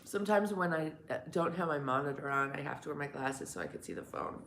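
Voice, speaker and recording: A woman chatting to her live stream viewers just after waking up, in a fairly low, congested voice that sounds like a cold. She rambles from one thing to the next, laughs often and swears casually. There is a faint hum of room ambience behind her. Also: fast, fairly bright tone. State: just woken up.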